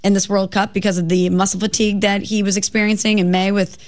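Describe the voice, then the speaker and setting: A woman co-hosting a sports talk radio show, bantering with lively emphasis. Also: mid-range voice, fast talker.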